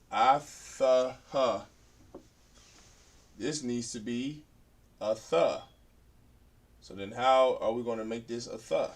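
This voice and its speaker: A man teaching a beginner language class, sounding out words syllable by syllable and repeating them as he writes on a board. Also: medium pitch. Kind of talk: classroom lesson at a whiteboard.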